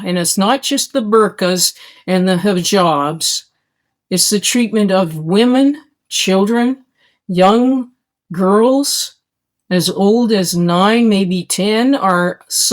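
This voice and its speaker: A woman speaks in a slow, deliberate way, pressing every point with urgency. Her monologue is emphatic and addressed straight to her listeners, as if pleading with them to act. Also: fairly low pitch. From Canada. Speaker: podcast host. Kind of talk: impassioned monologue.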